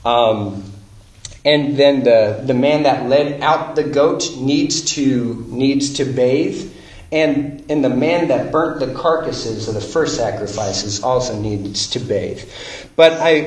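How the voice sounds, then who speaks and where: A preacher delivers an expository sermon, reading scripture and pressing his points with slow, deliberate emphasis. His fairly high voice swings widely in pitch. He sounds set back from the mic in a roomy, echoing space. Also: animated, distant mic. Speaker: pastor.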